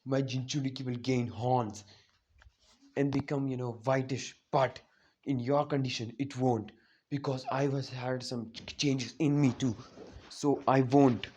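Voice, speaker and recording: A man's voice: mid-range voice, steady tone, unhurried, a little mellow, husky. A man speaking the lines of an ancient giant male beast spirit in a casual retelling, barely acted. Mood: matter-of-fact. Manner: plainly told, barely acted.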